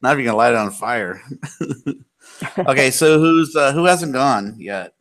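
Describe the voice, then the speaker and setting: A man's voice: medium pitch, lively intonation, moderate pace, fairly bright tone. A man hosting a casual group chat, often laughing and teasing his friends.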